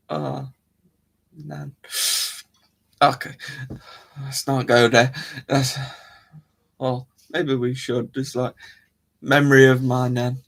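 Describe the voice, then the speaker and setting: A man's voice: medium pitch, little pitch movement, takes it slowly, creaky, pauses often. A man hosting a casual livestream, rambling to his chat and often trailing off and restarting his sentences. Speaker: livestream host. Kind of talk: casual live-stream chat.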